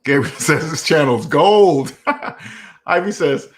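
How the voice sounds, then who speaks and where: Chatty man telling stories, higher voice. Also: big pitch swings, slow. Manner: rambling, repeats "right?" often; chuckles while telling stories. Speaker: host. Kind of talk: casual live Q&A storytelling.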